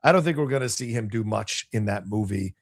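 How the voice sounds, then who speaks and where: A man's voice: fairly low pitch, a little fast. A man co-hosting a casual movie chat, skeptical and blunt, with frequent exclamations. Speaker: co-host.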